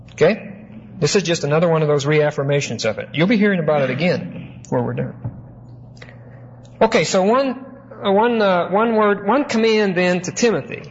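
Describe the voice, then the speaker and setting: Guy preaching verse by verse in a church, kinda high voice, old muffled tape w/ faint hiss. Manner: measured teaching with rhetorical questions, stretches key words slowly. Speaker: pastor teaching a Bible study. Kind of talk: expository sermon.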